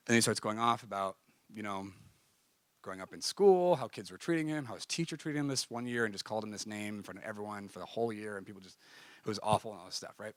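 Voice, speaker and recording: A man giving a church talk, telling a personal story in a lively way and acting out the conversations. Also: on the low side, fast talker, no room sound. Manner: animated, acts out conversations, frequent "like". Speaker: speaker at a church gathering.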